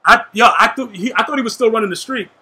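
A young man giving live gameplay commentary, trash-talking and shouting at his teammates in a hyped way. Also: high voice, fast. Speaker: gaming YouTuber.

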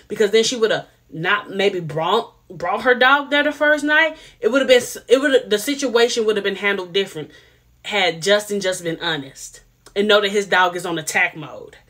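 A woman's voice: medium pitch, fairly bright tone. A woman reviewing a TV show in a casual, blunt and opinionated way, talking straight to her viewers. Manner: chatty, addresses viewers directly.

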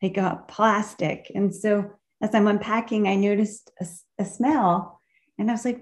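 A woman sharing a heartfelt personal memory at a memorial gathering, pausing often to search for her words, heard over a video call. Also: mid-range voice, steady tone, a little mellow.

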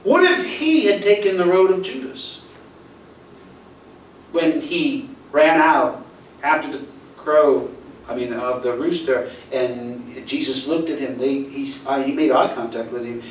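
A man's voice: medium pitch, a little slow, a little hiss or hum. Preaching man in an echoey church. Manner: storytelling, acts out quoted dialogue, swings from loud to soft. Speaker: pastor. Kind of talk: sermon. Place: church hall. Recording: roomy echo, voice from far off, faint ambience.

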